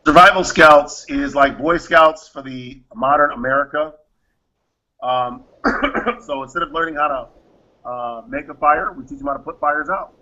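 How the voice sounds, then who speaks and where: Unhurried and a little high, with a sharp tone, this man who founded a private security firm gives emphatic interview answers and plays out the conversations he describes. The audio is dull and lo-fi.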